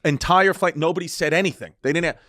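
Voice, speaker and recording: A man's voice: on the high side, brisk, fairly bright tone, dry recording, clean studio sound. A man co-hosting a podcast, telling a story in a loose, swearing way and laughing between sentences. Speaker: podcast host. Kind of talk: casual chat, storytelling.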